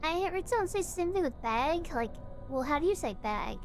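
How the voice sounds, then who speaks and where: A woman's voice: high voice, lively intonation, brisk, over music. A woman streaming a game live, rambling in a chatty, self-mocking way. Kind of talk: casual live gameplay chat.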